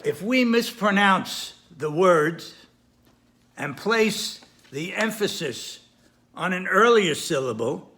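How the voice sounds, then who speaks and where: Guy teaching a lesson, high bright voice, lots of repeating and little corrections. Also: expressive. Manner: careful, repetitive explanation with pauses and self-corrections. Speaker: Torah teacher. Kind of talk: recorded lesson on Hebrew grammar.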